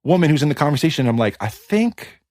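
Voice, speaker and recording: A man's voice: a little high, dry recording. Chatty man telling a story on a podcast. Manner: animated, chatty anecdotes with quick asides. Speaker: guest, music producer.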